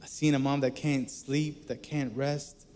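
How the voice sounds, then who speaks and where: A man preaching a sermon in a relaxed, conversational way, telling personal stories between scripture readings. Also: medium pitch, a little slow, a little hiss or hum. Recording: echoey hall reverb.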